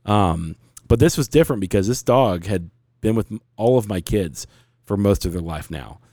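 A man in his forties tells a long personal story in an earnest, rambling way, as on a casual podcast. His voice sits a bit low and sounds mellow and warm. The recording is close and dry. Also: animated, normal speed, no room sound.

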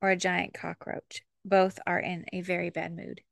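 A woman's voice: on the low side, level tone, normal speed, gravelly, dry recording, clean studio sound. A woman co-host asking questions in an upbeat, giggly way. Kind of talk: casual chat.

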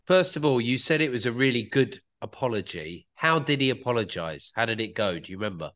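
A man's voice: mid-range voice, very animated, fairly quick, fairly bright tone. Guy hosting a podcast, medium voice, short direct questions. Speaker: podcast host. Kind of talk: interview questions.

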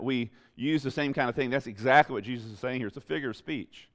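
A man's voice: medium pitch, fast, hardly any pauses, a bit bright. A man preaching a sermon as pastor, building emphatic repeated phrases with rising intensity.

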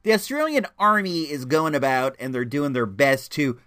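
A man's voice: a little high, lively intonation, normal speed, sharp tone. A man reviewing a movie in a casual, chatty way, rambling with many restarts. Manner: enthusiastic, chatty.

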